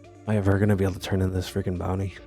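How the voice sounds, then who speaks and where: A man reading a text adventure game aloud and adding wry, deadpan comments between lines. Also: deep voice, racing, faint music behind. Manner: wry, deadpan asides with laughs. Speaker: gamer playing a text adventure.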